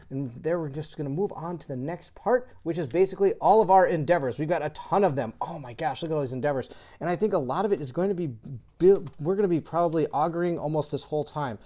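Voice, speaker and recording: A chatty host talks through a solo board game, reading rule cards aloud and puzzling over choices. The voice is mellow and warm, with frequent laughter and bursts of excitement. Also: mid-range voice. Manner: laughs often and gets excitable. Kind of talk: casual solo board game playthrough commentary.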